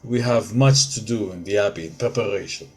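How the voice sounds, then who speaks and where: A man voicing a weary, guarded middle-aged father who speaks with quiet, stiff formality. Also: on the low side, a little fast, faint music behind, pitched below the performer's own voice, natural voice.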